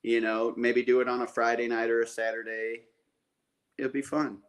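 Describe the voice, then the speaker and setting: A man co-hosting a casual podcast, his voice at an ordinary middle pitch. He rambles cheerfully and circles back over his own words while he works out plans aloud. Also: flat delivery, normal speed. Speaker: podcast co-host.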